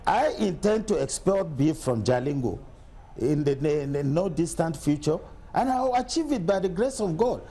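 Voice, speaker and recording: A middle-aged man from Nigeria, a state governor answering questions in a TV news interview, arguing forcefully with rhetorical questions. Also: fairly high pitch, expressive, normal speed, slightly rough.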